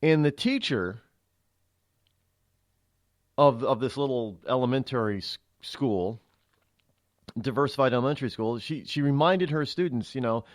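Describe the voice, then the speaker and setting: Animated male talk radio host. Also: medium pitch, unhurried, long pauses, dry recording, studio quality. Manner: rambling, opinionated, conversational.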